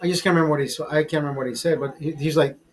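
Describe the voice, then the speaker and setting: A man's voice: a little high, steady tone, racing, slight background noise, rough recording. A man in his forties, the channel's host, telling a rambling story in a casual, profane way, full of restarts and laughter, and calling the listener brother. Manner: frequent laughter. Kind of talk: casual storytelling over a beer.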